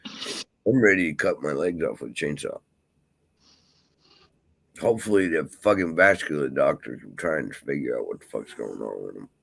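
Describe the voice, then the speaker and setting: Deep gravelly man, swearing vlogger. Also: expressive, moderate pace, long pauses, a bit bright, dry recording, poor audio. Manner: profane, rambling, grumbling. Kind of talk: casual rambling monologue.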